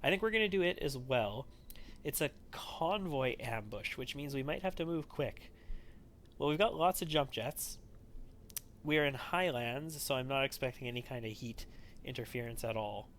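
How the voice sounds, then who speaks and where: A man's voice: medium pitch, moderate pace, fairly bright tone, a little hiss or hum. A man hosting a let's play, thinking aloud and wavering as he makes choices in a strategy game. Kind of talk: gameplay commentary.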